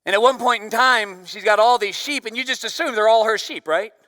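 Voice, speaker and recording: High, bright-voiced man preaching a sermon. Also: brisk, dry recording, studio quality, long reverb tail. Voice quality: loud voice. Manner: preaches with big swings from loud emphasis to near-whisper. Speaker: pastor.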